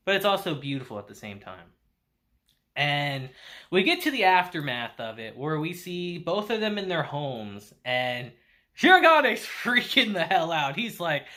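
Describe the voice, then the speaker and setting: A man's voice: on the high side, very animated, moderate pace, sharp tone. A young man reviewing anime in a casual, chatty way, laughing often and swearing now and then.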